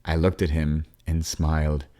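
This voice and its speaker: A man narrating an audiobook as a father, with a warm storytelling manner, wry asides and the odd dip into a whisper. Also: a bass voice, flat delivery, unhurried.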